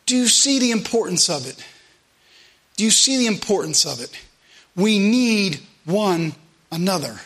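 A pastor preaches to his church in a high, ringing voice. He is earnest and conversational, circling back to repeat his points and slipping in plain asides. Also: sing-song, measured pace, pauses often, a bit bright. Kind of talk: sermon. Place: church sanctuary.

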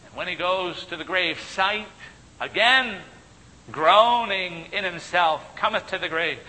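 A man preaching a sermon, emphatic, his delivery swinging from loud declarations to hushed asides. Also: a little slow. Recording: long reverb with faint low rumble.

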